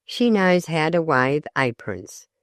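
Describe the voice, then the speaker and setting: An audiobook narrator voicing a lively, practical young college woman in a brisk, friendly way. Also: mid-range voice, no echo, clean studio sound.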